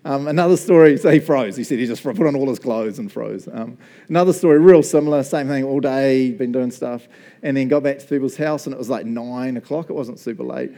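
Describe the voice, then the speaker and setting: A man's voice: medium pitch, brisk. A man with a New Zealand accent preaching a casual, jokey sermon full of stories. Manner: chatty, jokey, animated storyteller.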